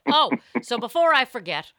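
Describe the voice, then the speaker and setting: A woman co-hosting a podcast in casual chat, chatty and animated and quick to laugh, recorded close on a podcast mic. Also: on the high side, dry recording. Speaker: podcast co-host.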